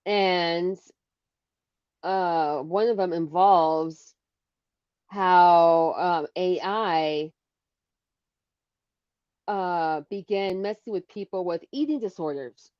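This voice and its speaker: A woman with a fairly low voice chats casually as co-host of a live show, animated as she tells her stories. The sound is dry and muffled, like a lo-fi stream. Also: extremely slow, pauses often, no room sound. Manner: animated, bursts into shrieks and laughter when acting out scares. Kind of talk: casual storytelling chat. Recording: dull lo-fi sound.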